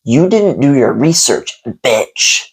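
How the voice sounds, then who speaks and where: A man's voice: medium pitch, sing-song, slow pace, husky, heavily acted. A man putting on a furious, foul-mouthed shop owner. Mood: hostile. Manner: profane, threatening, yelling insults. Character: angry, hostile male coffee shop owner.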